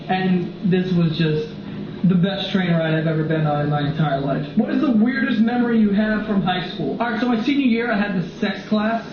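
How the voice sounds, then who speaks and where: A young man and comedian vlogger telling crude, animated stories full of swearing. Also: high voice, normal speed. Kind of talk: comedic storytelling. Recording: very echoey dull recording with noise.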